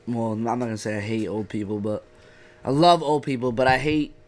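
A man's voice: mid-range voice, fairly even intonation, fairly quick. A young man co-hosting a casual bar-talk podcast, joking and cursing freely. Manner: profane, joking, laid-back. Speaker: podcast co-host.

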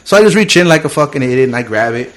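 A man in his thirties telling a story in casual podcast chat, swearing freely and animated in his delivery. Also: mid-range voice, very fast. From immigrant. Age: 30s.

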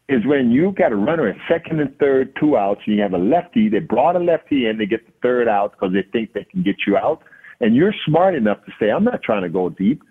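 A man, a hitting coach and podcast guest, telling a lively story and acting out the dialogue. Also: medium pitch, slightly rough. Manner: acts out quoted dialogue. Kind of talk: animated storytelling. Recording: tinny phone-like line.

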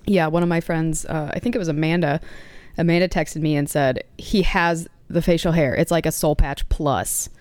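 A woman's voice: low voice, steady tone, moderate pace, a little mellow, no echo. A woman co-hosting a casual rewatch podcast, bubbly and giggly, playfully quoting lines. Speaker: podcast co-host.

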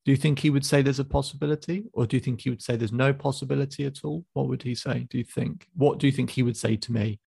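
Male life coach, gravelly, calm probing delivery, dry close sound. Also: medium pitch, fast, hardly any pauses, no room sound. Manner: calm, probing questions, hesitant restarts. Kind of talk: coaching session. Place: video call.

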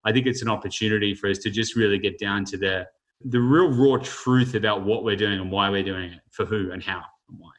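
A man's voice: on the low side, fairly quick, a bit bright, poor audio. Rambling man hosting a panel. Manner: rambling, reflective, with many fillers. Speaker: host of an online panel discussion. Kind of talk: casual panel chat.

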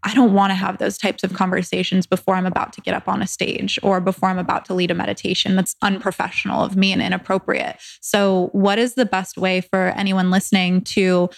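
Woman host, casual and chatty, fairly even intonation, dry sound. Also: mid-range voice, brisk, creaky, few pauses, dry recording. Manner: chatty, many fillers like "like". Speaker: podcast host. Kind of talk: casual podcast conversation.

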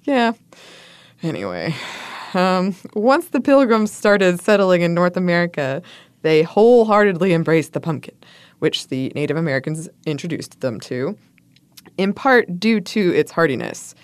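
A woman with a lowish voice co-hosts a relaxed conversation. She reads history notes aloud and breaks off for playful asides and laughs. The sound is dry and close to the mic. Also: normal speed, clear, resonant tone, dry recording. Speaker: podcast co-host. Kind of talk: casual chat, reading food history notes.

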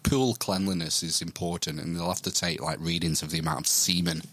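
A man's voice: low voice, fairly even intonation, brisk, a bit bright, dry recording. A man hosting a podcast, reading out news stories and bantering playfully. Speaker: podcast host.

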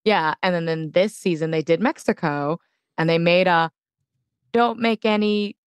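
A woman's voice: low voice, normal speed, smooth, no echo, dull audio. A woman co-hosting a podcast, chatting casually with wry, outspoken remarks. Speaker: producer and co-host. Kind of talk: casual chat.

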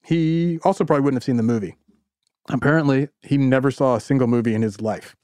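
A man hosting a podcast, telling a story in animated, casual chat with plenty of "like" and "you know". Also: medium pitch, fast talker, no echo, clean studio sound. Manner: animated, conversational, says "like" a lot.

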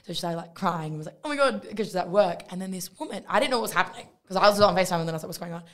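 A young woman co-hosting a podcast in a casual chat, animated and full of "like" fillers, acting out the quotes in her stories. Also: lowish voice, racing. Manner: chatty, lots of "like" fillers and restarts; animated storytelling, acts out quotes.

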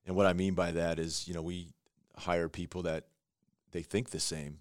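A very deep-voiced man talking as a guest in a casual conversation, recorded in a dry space with little room sound. He speaks in a laid-back way, filling his talk with "you know" and "man". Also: level tone, moderate pace, no room sound. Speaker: guest, construction company manager.

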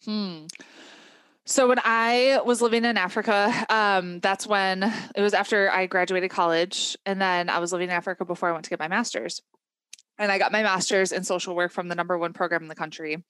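A woman's voice: mid-range voice, fairly even intonation, fairly quick, fairly bright tone, clear, resonant tone, no echo. A woman who coaches online marketers, talking as a guest on a podcast in an enthusiastic, chatty way. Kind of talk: casual interview chat.

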